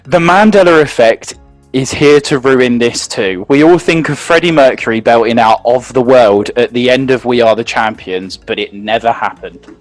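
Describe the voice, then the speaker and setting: A man in his middle pitch tells one thing after another in an easy, chatty co-host way, his talk filled with "like" and bursts of laughter. Faint music sits underneath the voice. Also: moderate pace. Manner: animated, laughing, full of "like" fillers. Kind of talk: casual chat.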